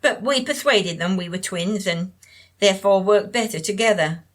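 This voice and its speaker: A woman voicing a frail, evasive older woman in an audiobook, with a nasal voice and a halting, drifting way of talking, as if to herself. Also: mid-range voice, close to an everyday voice. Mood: wistful. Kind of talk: audiobook character reading.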